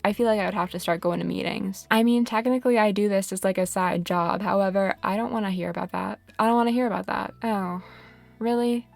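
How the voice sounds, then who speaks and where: A woman's voice: medium pitch, creaky. A young woman giving casual, sarcastic commentary while playing a game, often scolding the characters on screen. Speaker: gaming vlogger. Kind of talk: casual rambling commentary over gameplay.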